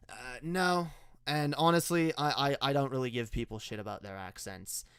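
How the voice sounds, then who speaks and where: A man's voice: mid-range voice, moderate pace, a bit bright, clear, resonant tone, no echo, clean studio sound. A man from Canada with an unusual mixed accent, hosting sarcastic reaction commentary, stammering and laughing often. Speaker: commentary video host.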